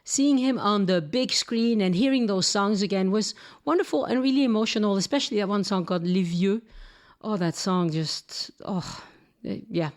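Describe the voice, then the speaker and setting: A woman hosting a travel podcast. She talks in a relaxed, chatty way, laughs easily and sometimes stumbles over words. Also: mid-range voice, normal speed. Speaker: podcast host. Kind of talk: casual travel podcast chat.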